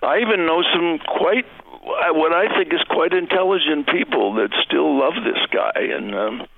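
A man's voice: a little high, expressive, gravelly, a little hiss or hum. An older American man chatting as an interview guest over the phone, telling folksy stories with chuckles. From United States. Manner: folksy, drawn-out storytelling with chuckles. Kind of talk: casual interview chat. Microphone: phone call. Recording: tinny phone line.

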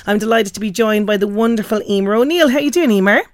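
A woman's voice: medium pitch, fast talker, dry recording, studio quality. Chatty woman hosting radio. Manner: chatty, warm, with fillers. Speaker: radio host. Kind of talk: radio interview.

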